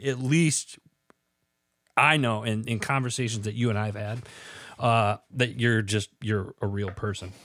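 A man's voice: on the low side, fairly even intonation, unhurried, a bit bright. A man hosting a podcast, an easygoing, affirming listener in casual interview chat. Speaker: podcast host.

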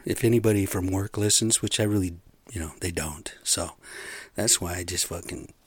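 A man's voice: lowish voice, a little mellow, no room sound. A middle-aged man venting to his listeners in a casual rant, frustrated and profane, rambling with lots of fillers. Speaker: construction site worker venting.

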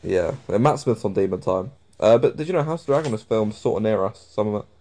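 A man's voice: on the low side, animated, fast talker, mellow. A young English man co-hosting a podcast, chatty and swearing freely as he tells stories with frequent laughs. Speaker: podcast co-host. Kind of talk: casual podcast chat.

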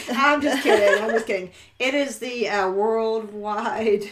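A woman's voice: a little high, steady tone, slow pace, noisy background. A woman in casual chat, getting quizzed and laughing at herself. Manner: giggly, self-mocking, breaks into long laughing fits. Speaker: co-host being quizzed.

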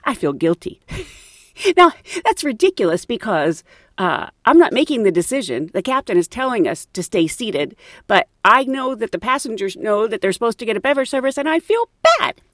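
A woman's voice: a little high, moderate pace, no room sound, clean studio sound. A woman, a former flight attendant, telling stories in a casual chat, laughing and acting out the dialogue. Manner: animated, laughing, acts out dialogue.

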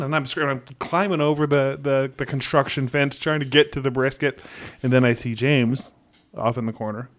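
A man telling a story in casual chat, excitedly quoting his own shouts. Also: medium pitch, fairly quick. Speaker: barbecue team member.

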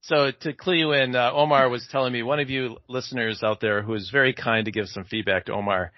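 A man hosting a casual podcast with friends, speaking in a laid-back, somewhat monotone way. His voice sits at a middle pitch. The recording is dry and a little dull. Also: fairly quick, no echo. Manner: laid-back, a bit flat, laughs often. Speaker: podcast host.

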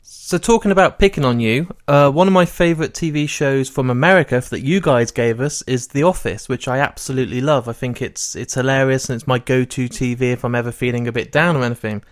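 A man's voice: mid-range voice, a little fast, few pauses, no room sound, clean studio sound. A man interviewing a guest, asking eager, enthusiastic questions. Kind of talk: casual interview.

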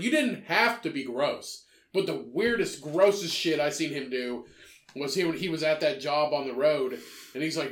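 A man's voice: a little high, lively intonation, measured pace, roomy sound. A man co-hosting a casual podcast, blunt and profane, ranting with crude humor. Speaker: podcast co-host.

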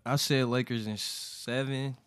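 A man's voice: medium pitch, fairly even intonation, measured pace, a bit bright, clean tone, no room sound, clean studio sound. A man co-hosting a casual sports podcast, laid-back and profane with lots of slang. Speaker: podcast co-host.

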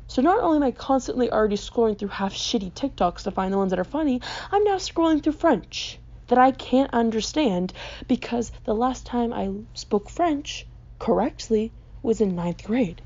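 Gravelly young woman ranting. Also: on the high side, lively intonation, moderate pace, darkish tone, lo-fi sound. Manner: profane, exasperated storytelling. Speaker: podcast host. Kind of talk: ranting podcast monologue. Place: her basement bedroom with a fan running.

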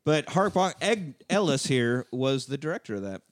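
A man's voice: medium pitch, sing-song, no room sound, clean studio sound. Loose, profane man recapping a movie. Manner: loose, profane recap with quick impressions of characters. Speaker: podcast host recapping a movie. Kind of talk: casual chat.

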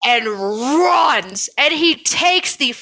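A young woman with a bright, forceful voice, swearing freely as she acts out a story. She co-hosts a casual chat podcast, and her voice sits a little high for a woman. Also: drawn-out words, breathy edge. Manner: animated storytelling, heavy swearing. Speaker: podcast co-host.

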